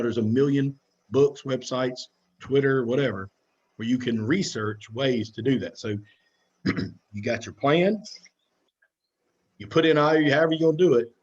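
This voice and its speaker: A man talks straight to other football coaches while walking them through a slide deck. His voice is husky and mid-pitched, casual and repetitive. The recording is dull and lo-fi. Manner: conversational, direct, repeats himself. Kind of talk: recorded presentation over slides.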